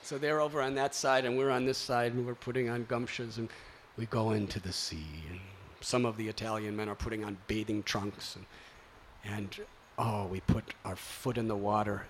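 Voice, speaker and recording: A man telling a story to a gathering, animated and exclamatory as he acts out the sounds. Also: lowish voice, moderate pace, slight background noise. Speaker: spiritual speaker.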